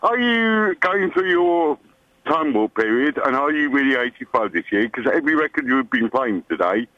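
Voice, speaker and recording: A man's voice: mid-range voice, very animated, normal speed, dry recording. Male radio caller on a dull line. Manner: friendly, ribbing. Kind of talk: phone-in chat. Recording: dull, dry phone-in line.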